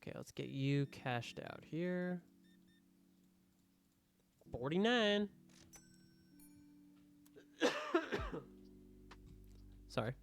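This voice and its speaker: A man's voice: on the high side, expressive, extremely slow, creaky, long pauses. A young man casually commenting while streaming a game, joking and mock-scolding the customers, with faint music behind him.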